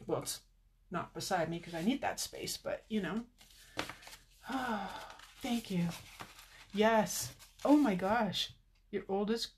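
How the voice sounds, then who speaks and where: An older woman hosting a casual live craft stream, chatting warmly with viewers, teary with a slightly stuffy nose. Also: medium pitch, a little hiss or hum. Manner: chatty and tearful, reading viewer comments. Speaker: card-making video host.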